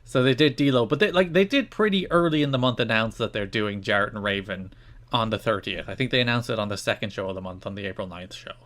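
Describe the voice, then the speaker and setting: A man co-hosting a podcast in casual chat, retelling events in an animated, exasperated way. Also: fairly low pitch, fast. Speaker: podcast co-host.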